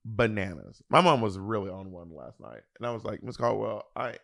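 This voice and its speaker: A man's voice: lively intonation, normal speed, creaky, fairly bright tone, dry recording, studio quality. A man in his thirties from Atlanta, co-hosting a podcast in casual, playful chat. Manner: playful, acts out his mother in a high voice. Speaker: podcast co-host.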